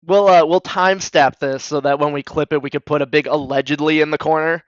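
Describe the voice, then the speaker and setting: A man's voice: a little high, steady tone, a little fast, dry recording, dull audio. A man, a guest in a casual chat, joking in a wry, self-deprecating way.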